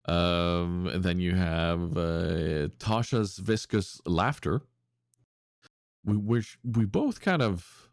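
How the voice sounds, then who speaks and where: Low-voiced man chatting loosely on a podcast. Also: takes it slowly, creaky, no echo, clean studio sound. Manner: rambling with many fillers, breaks into silly voices. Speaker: podcast co-host reading listener submissions. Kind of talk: casual podcast chat.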